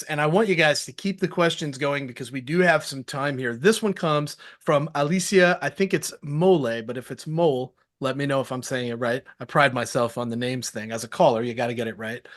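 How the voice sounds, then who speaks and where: A man hosting a live sales show, coaching viewers in a lively casual way and acting out phone calls. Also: on the high side. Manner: animated, acts out phone dialogues, casual slang.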